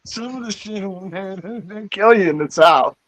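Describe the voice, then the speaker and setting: A man's voice: sits high, normal speed, fairly bright tone, poor audio. A man co-hosting a podcast, arguing his points in casual chat. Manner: argumentative, repeats himself. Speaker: podcast co-host.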